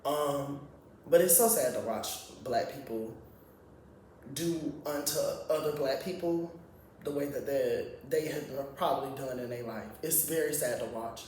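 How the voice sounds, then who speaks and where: A man's voice: mid-range voice, measured pace, darkish tone, far from the mic, a little hiss or hum. A man giving a blunt, profane, rambling casual opinion monologue as a reality TV commentator. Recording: very echoey room, off-mic.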